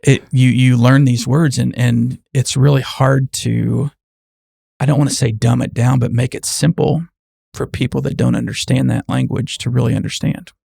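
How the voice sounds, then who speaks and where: A man's voice: mid-range voice, steady tone, moderate pace, creaky, dark tone, slightly rough, no echo, studio quality. A man who works in medicine, speaking as a guest in an earnest, casual conversation and explaining things plainly.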